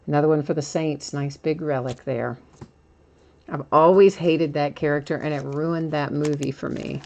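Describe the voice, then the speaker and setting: Low-voiced woman chatting through a card break. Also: steady tone, moderate pace, gravelly, a little mellow, muffled recording. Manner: chatty, laughs often, reads out cards. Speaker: card breaker on live stream. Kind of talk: casual live-stream commentary.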